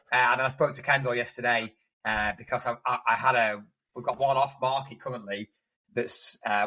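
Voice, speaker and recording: A man's voice: mid-range voice, pushed and bright, rough recording. A man co-hosting a casual podcast, telling rambling work anecdotes with lots of restarts. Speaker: podcast co-host, estate agent.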